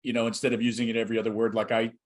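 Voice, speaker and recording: A man's voice: medium pitch, completely flat delivery, very fast. A middle-aged man co-hosting a podcast, rambling casually with fillers and restarts. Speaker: podcast co-host.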